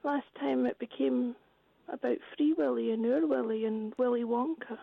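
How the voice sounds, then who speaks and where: Tired woman caller, high babyish voice, croaky and breathy, tinny phone line. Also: steady tone, normal speed. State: tired, lying down. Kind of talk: radio phone-in call.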